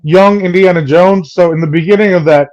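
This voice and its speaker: High-voiced man with dry teasing quips. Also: fairly quick, darkish tone, no room sound, lo-fi sound. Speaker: podcast co-host. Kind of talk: casual movie review chat.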